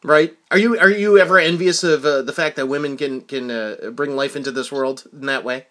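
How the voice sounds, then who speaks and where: A man's voice: mid-range voice, fairly quick, pushed and bright. A middle-aged man hosting his own podcast, telling a rambling story full of restarts and acted-out quotes. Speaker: podcast host. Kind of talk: casual podcast monologue and phone chat.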